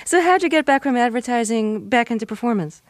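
A woman's voice: a little high, lively intonation, quick pace, no room sound, clean studio sound. A woman interviewing a guest, inquisitive and a bit hesitant. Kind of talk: radio interview.

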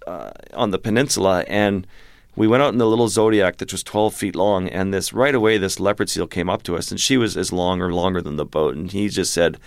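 A wildlife photographer, a guest in an interview, tells a vivid adventure story with animated energy, restarting phrases at times. He has a low voice with vocal fry and speaks briskly. The recording is dry and studio quality.

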